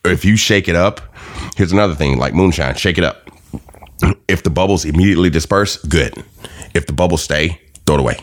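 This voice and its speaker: Podcast guest: man, extremely low voice, relaxed and swearing freely. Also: fairly quick. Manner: loose, profane, laughs through his stories. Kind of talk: casual storytelling chat.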